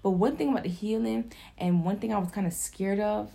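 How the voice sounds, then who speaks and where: A woman's voice: medium pitch, a little fast, vocal fry. A young woman in casual chat, talking with strong feeling, swearing and filling her speech with "like". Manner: emotional, animated, swearing, lots of "like" fillers.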